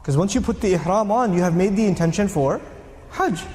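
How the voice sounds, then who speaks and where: High-voiced male lecturer in echoey hall. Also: brisk. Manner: animated, rhetorical questions to the audience. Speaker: Islamic lecturer. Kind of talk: storytelling lecture to a live audience.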